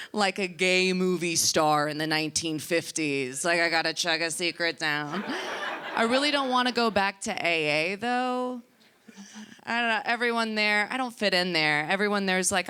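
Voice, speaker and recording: A woman doing a stand-up routine with a deadpan, drawn-out delivery. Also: fairly low pitch, smooth. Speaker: stand-up comedian.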